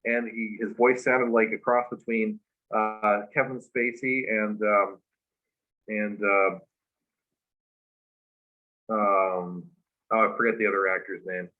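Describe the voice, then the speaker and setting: A man, a guest in an interview, telling a long personal story, halting with many fillers and restarts and laughing along. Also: fairly low pitch, level tone, phone-quality sound.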